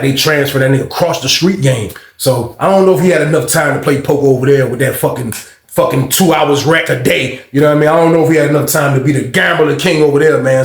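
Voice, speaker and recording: Man, storytime vlogger, casual and slangy, higher voice, echoey room. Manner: slangy, profane, animated quoting. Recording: roomy echo.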